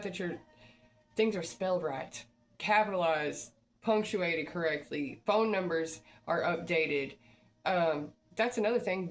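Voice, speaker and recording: A woman hosting a motivational advice talk, coaching listeners in a direct, repetitive pep-talk manner. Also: lowish voice. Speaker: job-search advice host.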